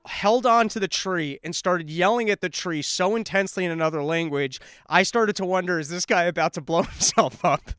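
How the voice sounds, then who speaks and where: Male solo host, high smooth voice, ranting comic storyteller swinging from calm to loud, recorded dry. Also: dry recording. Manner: animated, ranting, swings between calm and shouting. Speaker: podcast host. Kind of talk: solo comedic rant. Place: apartment.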